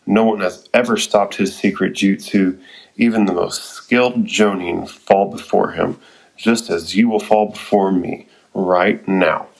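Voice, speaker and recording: A man's voice: deep voice, fairly even intonation, unhurried, creaky, exaggerated voice, rough recording. A man reading the lines of a menacing adult male ninja villain, boasting and threatening in an everyday voice. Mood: boastful.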